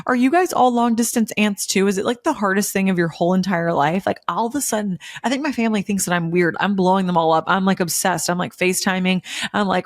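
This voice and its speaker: A woman's voice: mid-range voice, fast, no room sound, clean studio sound. A woman, hosting a podcast in casual, gushing, emotional chat full of fillers. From Memphis, USA. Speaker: podcast host.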